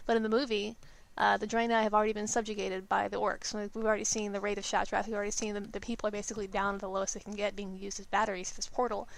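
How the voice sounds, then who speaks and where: A woman's voice: medium pitch, flat delivery, racing, creaky, few pauses, poor audio. A woman co-hosting a podcast, chatting casually and sarcastically with frequent swearing. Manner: swearing, sarcastic, lore-savvy gamer talk. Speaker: podcast co-host. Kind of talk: casual chat. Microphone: podcast microphone.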